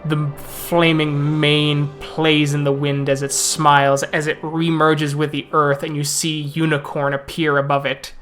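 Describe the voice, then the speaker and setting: Low, flat-voiced woman game master. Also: unhurried, hardly any pauses, reverberant, faint music behind. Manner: descriptive, vivid scene-setting narration. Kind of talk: narrating a tabletop game.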